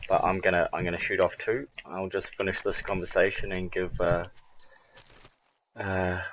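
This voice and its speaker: A man's voice: sits low, flat delivery, normal speed, slight background noise, poor audio. A man with a New Zealand accent in casual online game chat, laid-back and chuckling, swearing now and then. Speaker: gamer chatting in an online party.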